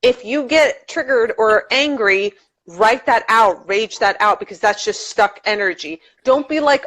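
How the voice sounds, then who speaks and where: A woman's voice: on the high side, measured pace, a bit bright. A woman guest on a casual livestream, giving earnest and frank advice. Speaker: guest reader.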